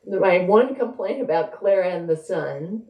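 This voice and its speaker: A woman's voice: fairly low pitch, expressive, a little slow, lo-fi sound. A woman author speaking conversationally and reading from her novel at a live bookstore event. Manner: conversational, thinking aloud. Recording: roomy echo.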